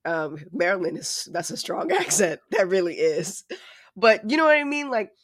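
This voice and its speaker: Animated, profane, joking podcast co-host. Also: medium pitch, normal speed, no room sound, clean studio sound. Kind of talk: casual chat. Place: lives in New York City.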